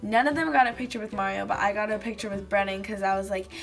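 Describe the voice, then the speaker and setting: A woman's voice: medium pitch, fairly even intonation, fast, creaky, soft background music. A woman vlogger chatting casually to camera, rambling with lots of fillers. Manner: rambling, fillers of "like", acts out quotes.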